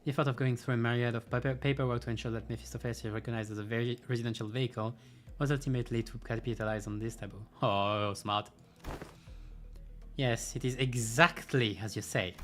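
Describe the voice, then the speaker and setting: A man reading out a game's story dialogue, with dry, sarcastic remarks thrown in between the lines. His voice sits at a middling pitch, and faint music plays in the background. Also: fairly even intonation, fast, fairly bright tone. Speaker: game streamer.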